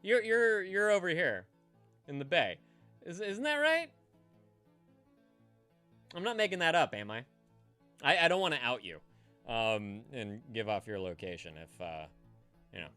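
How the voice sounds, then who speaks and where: A man with a bright, forceful voice that swings widely in pitch, chatting casually on a live stream. He rambles, swears freely and stumbles into restarts. Faint music plays behind him. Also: very animated, unhurried, pauses often, clean tone, dry recording. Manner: rambling, profane, stammers and restarts. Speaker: streamer hosting a call-in show.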